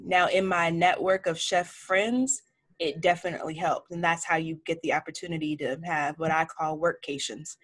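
A woman of forty, a chef, telling stories frankly in a casual interview and acting out what people said. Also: low voice. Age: 40s. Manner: frank, animated storytelling with acted-out quotes. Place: home office lined with cookbooks.

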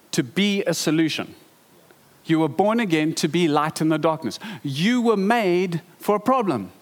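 Emphatic preacher in a reverberant hall. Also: male voice, on the high side. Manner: emphatic, animated preaching with rhetorical questions. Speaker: pastor. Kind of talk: sermon.

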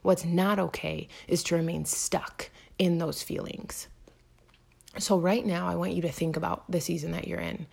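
Woman, thirties, gravelly low voice, husky, earnest motivational talk, whispers for emphasis. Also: fairly even intonation, normal speed. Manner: earnest, direct, often drops to a soft whisper for emphasis. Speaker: motivational podcast host. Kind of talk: encouraging self-help talk.

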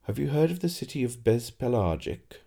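A man voicing a naive, courteous male tourist who speaks formally and eagerly, a little higher than his own voice. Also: very animated, normal speed, creaky, warm tone. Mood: earnest.

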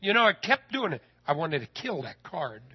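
A man telling a personal story in a sermon, folksy and animated, his voice rising when he gets excited. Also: on the high side, moderate pace, slightly rough, muffled recording.

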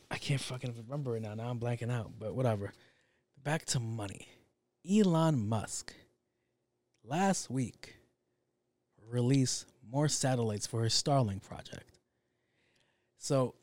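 A man's voice: medium pitch, mellow, no echo. A young man in a casual solo monologue, rambling and profane, drifting off on tangents.

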